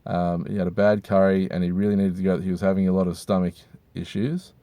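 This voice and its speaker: A hungover man, rambling crudely and with deadpan humor while reviewing hats from inside a car. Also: low voice, quick pace, no room sound. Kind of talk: casual rambling monologue.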